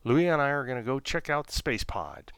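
A man doing a brisk animal team leader. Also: medium pitch, very animated, fairly bright tone, clear, resonant tone, no echo, pitched above the performer's own voice. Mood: bossy.

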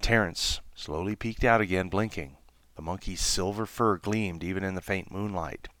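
A man hosting a podcast, reading a children's novella aloud in a measured storytelling manner. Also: deep voice, a bit bright, dry recording. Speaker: podcast host.

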